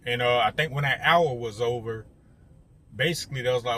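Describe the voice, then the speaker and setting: A man's voice: medium pitch, fairly quick, fairly bright tone. A young man telling a story straight to his viewers in a casual, conversational way, often talking to them directly. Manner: conversational, addresses viewers directly, many fillers.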